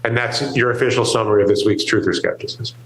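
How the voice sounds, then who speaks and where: A man's voice: mid-range voice, fairly even intonation, quick pace, fairly bright tone, echoey room, a little hiss or hum, rough recording. A man from New York co-hosting a talk show, rambling emphatically and acting out what other people say. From New York, USA. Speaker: co-host. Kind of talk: casual market talk show banter.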